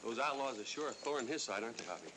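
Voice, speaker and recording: A man plays an eager young cowboy sidekick in an old Western, talking fast with a lively voice. Clear noise runs through the old film soundtrack. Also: medium pitch, natural voice. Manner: quick, chatty questions. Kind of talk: 1940s Western film acting.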